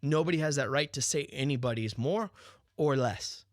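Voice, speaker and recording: A man's voice: medium pitch, moderate pace, no room sound, studio quality. A man hosting his own talk show, ranting profanely in an unscripted monologue, firing rhetorical questions and restarting his sentences.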